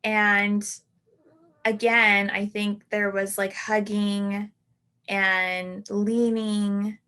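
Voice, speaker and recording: A woman in her thirties hosting a podcast, reflecting on a personal story in a halting way, full of "like" and restarts. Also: mid-range voice, little pitch movement, pushed and bright, clean tone. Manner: halting, full of "like" and self-corrections. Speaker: podcast host.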